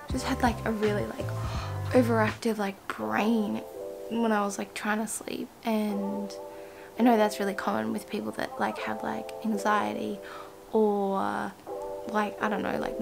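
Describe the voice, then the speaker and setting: A woman's voice: mid-range voice, slow, gravelly, long pauses, music in the background, low-quality recording. A young woman vlogger rambling casually with lots of fillers, often half-whispering. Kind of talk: casual vlog talk. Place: outdoors by a bush with cicadas. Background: insects and cicadas.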